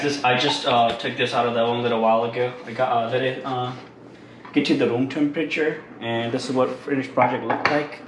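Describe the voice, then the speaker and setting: A man talks in an easy, informal way, walking through each step in his home kitchen. His voice sits at an ordinary pitch. The room is echoey, with clear household noise behind him. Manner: chatty, informal, explains step by step. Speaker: dog owner and trainer. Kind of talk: casual home cooking vlog. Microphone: camera held by a helper.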